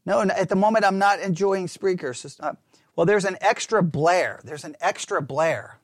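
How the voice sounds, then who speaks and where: A pastor chatting in a rambling, animated, self-mocking way while testing his lapel mic in a small closed-in room. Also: sits high, moderate pace, no echo, clean studio sound. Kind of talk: casual talk while testing a microphone. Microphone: wireless lapel mic with belt-clip transmitter.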